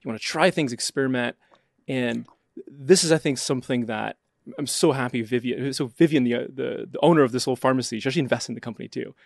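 Gravelly-voiced hesitant male guest. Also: mid-range voice, fast talker, no echo, clean studio sound. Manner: hesitant, restarts often, fillers. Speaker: startup founder guest. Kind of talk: casual interview answers.

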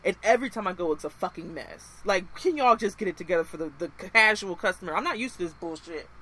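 A woman co-hosting a podcast, ranting casually in a blunt, profane, animated way. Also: on the low side, fast talker. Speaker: podcast co-host.

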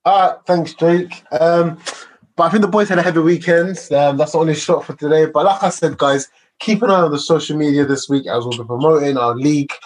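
A man's voice: on the high side, steady tone, a little fast, rough recording. A man hosting a casual football podcast, laid-back and rambling with many fillers. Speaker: podcast host.

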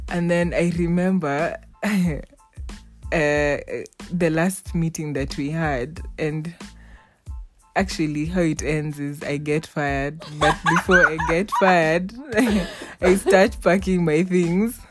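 A young woman chats in a casual, animated way and acts out the people she quotes. Her voice sits slightly low. Faint music plays behind her. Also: measured pace. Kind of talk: casual storytelling chat.

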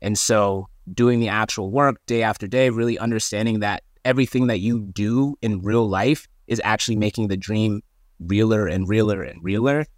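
A man's voice: lowish voice, normal speed, dry recording, clean studio sound. A man talking as a podcast guest, earnest and emphatic, with casual slang. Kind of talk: conversational interview.

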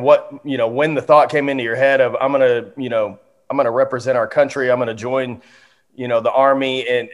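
A man hosting a podcast, asking loose, rambling questions in an easily amused way. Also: mid-range voice. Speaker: podcast host. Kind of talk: casual interview.

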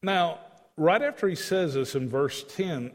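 A man's voice: on the high side, measured pace, big-room sound. A man teaching a Bible study, reading scripture aloud and explaining it in an emphatic, conversational way.

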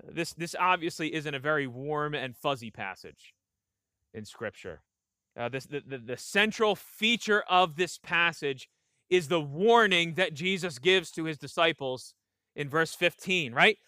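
High bright-voiced man preaching earnestly. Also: lively intonation, unhurried, smooth, dry recording, clean studio sound. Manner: earnest, emphatic preaching with frequent restarts and "right?" asides. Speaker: pastor. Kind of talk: sermon.

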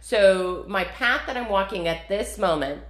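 A woman's voice: medium pitch, lively intonation, unhurried, roomy sound. A woman talking casually through her meditation practice, chatty and rambling, with frequent laughs and fillers. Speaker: spiritual practice vlogger. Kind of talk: casual spoken meditation walkthrough.

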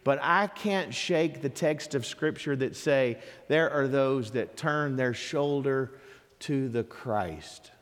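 A man preaching a sermon as pastor, emphatic and animated, with lively storytelling asides. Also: mid-range voice, slow pace, in a large hall.

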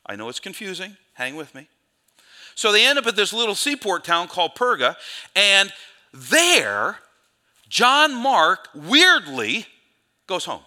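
Lively, bright-voiced male pastor preaching. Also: sits high, measured pace, long pauses. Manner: animated storytelling, self-correcting asides. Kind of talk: sermon.

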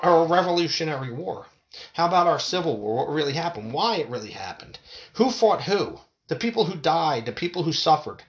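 A man's voice: fairly high pitch, fairly bright tone, lo-fi sound. Middle-aged man, ranting solo podcaster, swears freely, voice swings up and down a lot. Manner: profane, heated, exasperated. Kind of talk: ranting monologue. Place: home room, window open. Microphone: desk mic.

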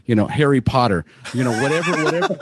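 A man's voice: mid-range voice, lively intonation, quick pace, heavy background noise. A middle-aged man hosting a podcast panel, talking bluntly and jokingly and swearing freely. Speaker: podcast host. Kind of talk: casual panel discussion.

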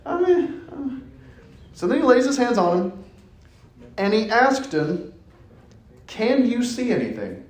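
A man preaching a conversational sermon, playful and animated, telling the story with asides and quick acted-out quotes. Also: extremely high pitch. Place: church sanctuary. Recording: echoey church hall.

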